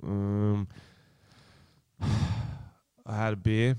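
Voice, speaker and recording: A man's voice: fairly low pitch, flat delivery, very slow, warm tone, smooth, no echo. An Australian man co-hosting a podcast, joking loosely and swearing casually. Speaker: podcast co-host. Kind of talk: casual banter.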